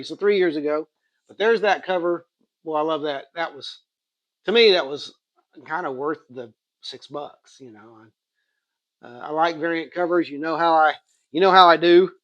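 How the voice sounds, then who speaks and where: A man talking in a relaxed, meandering way, pausing and correcting himself as he goes. His voice sits a little high for a man. The sound is dry and close, with little room echo. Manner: relaxed, rambling, self-correcting. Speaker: comic collector showing a haul. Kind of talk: casual unboxing chat.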